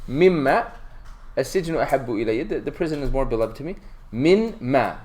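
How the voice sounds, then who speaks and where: A man's voice: medium pitch, expressive, very fast, darkish tone. A man teaching an Arabic class, quizzing his students and reading Arabic lines aloud.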